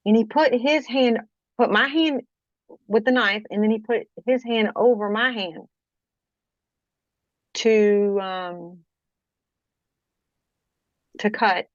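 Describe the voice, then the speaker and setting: A woman from Kentucky giving a personal testimony in an interview, halting, restarting her sentences and often checking in with the listener. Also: medium pitch, steady tone, dry recording, lo-fi sound. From Kentucky, USA. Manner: halting, frequent restarts, keeps checking with "okay?". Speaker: guest.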